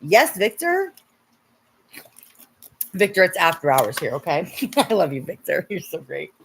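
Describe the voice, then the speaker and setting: A woman hosts a casual livestream and talks straight to her viewers. Her voice sits a little low in pitch, and she gets animated, swearing freely and mimicking her critics in mocking tones. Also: a little slow, gravelly, a little hiss or hum. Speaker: livestream host.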